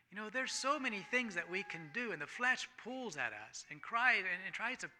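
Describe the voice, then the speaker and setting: A man preaching a sermon, swinging between loud emphatic lines and hushed near-whispers, and reading scripture aloud with rising fervor. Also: high voice. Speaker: pastor.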